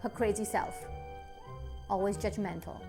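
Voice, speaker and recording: A woman's voice: medium pitch, steady tone, unhurried, over music, pitched below the performer's own voice, close to an everyday voice. A woman playing a sulky, angry schoolgirl with two ponytails in a coaching skit, whining and repeating her questions. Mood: angry sulking. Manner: whiny, repeats herself, childish nagging questions.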